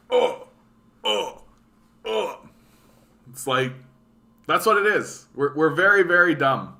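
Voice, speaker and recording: Bright-voiced man ranting about news. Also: a little high. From Canada. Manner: profane, sarcastic, reads news aloud and reacts. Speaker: political commentary streamer. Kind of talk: casual political rant.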